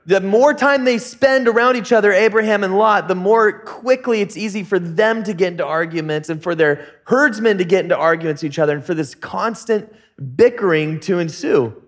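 A man preaching a casual sermon, telling stories in a relaxed, joking, slangy way. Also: high-pitched, moderate pace. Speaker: pastor.

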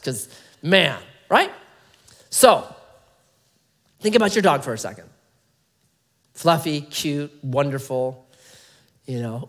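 A man preaching a sermon in a conversational, animated way, full of rhetorical questions to his listeners. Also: very high voice. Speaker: pastor.

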